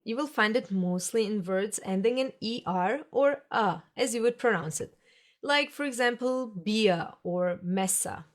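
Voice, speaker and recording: A woman's voice: a little high, moderate pace. Patient woman teaching pronunciation. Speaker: language teacher. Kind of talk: scripted lesson narration.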